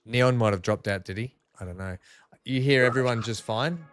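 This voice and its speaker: The Australian host of this multiplayer stream speaks at normal speed in a medium-pitched, slightly bright voice, with faint music underneath. He chats casually with teammates, asks lots of questions, and laughs easily.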